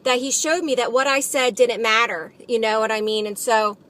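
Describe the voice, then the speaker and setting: A woman's voice: on the high side, fairly even intonation, normal speed, a bit bright. A woman recording a devotional vlog from her car, talking in an earnest, encouraging way with lots of "just" and "you know.". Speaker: Christian vlogger. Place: in a car while driving. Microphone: phone camera.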